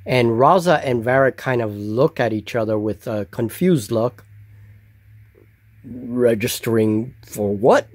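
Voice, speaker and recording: A man narrating a solo tabletop game as game master, describing the scene slowly and deliberately. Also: mid-range voice, no echo. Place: hobby table with miniatures.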